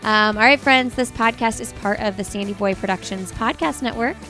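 Woman, podcast host, chatty, upbeat, higher voice. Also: moderate pace, pushed and bright, faint music behind. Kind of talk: podcast intro and interview.

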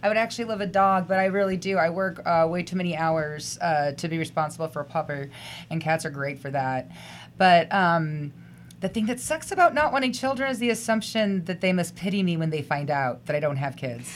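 A woman's voice: fairly low pitch, brisk, slight background noise. A woman in her thirties chatting casually on a podcast, with dry, blunt humor. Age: 30s.

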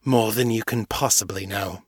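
Audiobook villain-ally: sly skunk-morph mage, cold and mocking, low voice, read by a man. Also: steady tone, moderate pace, no room sound, clean studio sound, lightly acted.

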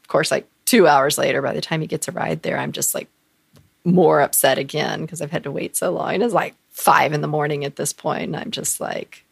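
A woman co-hosting a podcast, recounting a personal story with lots of fillers. Her voice sits low with a gravelly fry. She acts out the voices of others as she talks. The sound is close and dry. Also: fairly quick, no room sound. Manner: animated, acts out quoted voices, frequent fillers. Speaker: podcast co-host.

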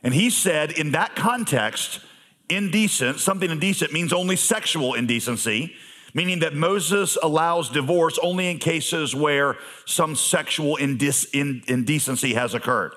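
A male pastor preaching a sermon in a conversational manner, with humorous asides and emphatic pauses. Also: a little high, bright, forceful tone.

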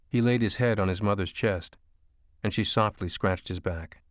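A man reading an audiobook as narrator, slow and hushed storytelling. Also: fairly low pitch, dry recording, clean studio sound. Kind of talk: scripted narration.

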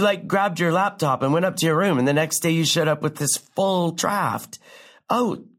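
A woman's voice: low voice, gravelly, full character voice. A woman playing a catty, needling old classmate. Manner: passive-aggressive, needling, fake-sweet; peppers speech with "like". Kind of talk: contemporary stage drama dialogue.

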